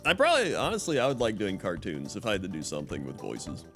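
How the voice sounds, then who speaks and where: A man's voice: sits low, quick pace, soft background music. A man streamer chatting casually and telling stories, laughing often. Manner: laughs often, animated storytelling. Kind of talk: casual chat on a livestream.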